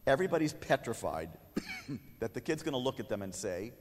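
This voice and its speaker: Man, conference speaker, humorous and lively, acts out a kid, long hall reverb, stage mic. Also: mid-range voice, fairly quick, a little hiss or hum. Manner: humorous, animated, acts out a kid's lines. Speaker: lecturer. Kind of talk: conference lecture.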